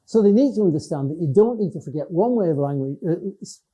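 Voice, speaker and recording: A man's voice: fairly high pitch, lively intonation, fast, dark tone, slightly rough. An older man with a Cumbrian northern English accent giving a conversational public lecture, often restarting his sentences. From Lake District, England. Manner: conversational, with frequent restarts and hesitations. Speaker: education professor giving a talk. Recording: dull lo-fi lecture recording.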